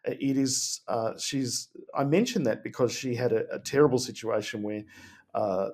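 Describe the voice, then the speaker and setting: A man co-hosting a podcast, speaking earnestly with frequent pauses and restarts. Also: mid-range voice, darkish tone. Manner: hesitant, many fillers and restarts, earnest. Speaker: podcast co-host. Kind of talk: casual podcast chat.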